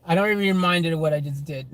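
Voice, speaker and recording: A man's voice: high-pitched, a bit bright. A man chatting casually to viewers on a phone livestream from inside his car, laughing often.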